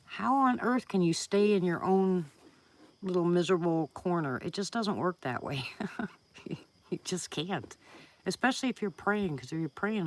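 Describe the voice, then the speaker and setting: A woman hosting a casual live stream from home, chatting with viewers, greeting them by name and laughing often. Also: fairly low pitch.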